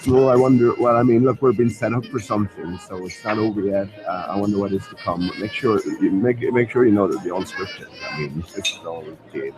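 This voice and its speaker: A man's voice: lowish voice, brisk, few pauses, over music, poor audio. A man hosting a casual pub chat, rambling and hesitant, dismissive of what he hears. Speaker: host.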